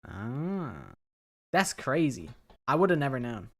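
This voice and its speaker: A man's voice: medium pitch, big pitch swings, slow pace. A man streaming a game, reading the dialogue aloud and chatting casually, swearing now and then.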